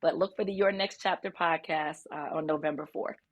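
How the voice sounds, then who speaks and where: Lower-voiced woman guest, earnest. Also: steady tone, brisk, dull audio. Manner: warm, earnest, many ums. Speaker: guest, physician. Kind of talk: interview.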